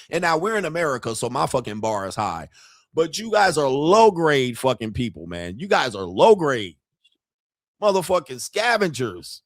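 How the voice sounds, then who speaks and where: A man's voice: high voice, no echo, clean studio sound. A middle-aged man hosting an online show, ranting in brash, profane and boastful commentary and laughing at his own jokes.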